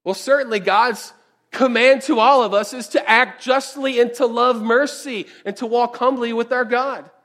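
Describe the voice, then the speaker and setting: Man, high-pitched voice, pastor delivering a chatty Sunday sermon, tosses in asides. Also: steady tone, normal speed, a bit bright. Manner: conversational preaching with frequent "right?" asides. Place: church sanctuary.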